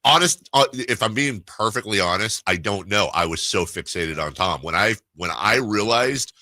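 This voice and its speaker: A man's voice: lowish voice, lively intonation, moderate pace, pushed and bright, no room sound. A man hosting a sports radio talk show, telling a rambling story in casual chat with many restarts. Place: radio studio.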